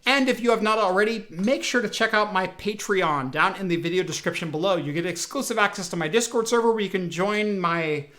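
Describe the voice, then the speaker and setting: Casting note: male podcast host, high bright voice, chatty and rambling, remote from home. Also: fairly quick, hardly any pauses. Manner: rambling storyteller with many fillers and restarts. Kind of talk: casual tech podcast chat.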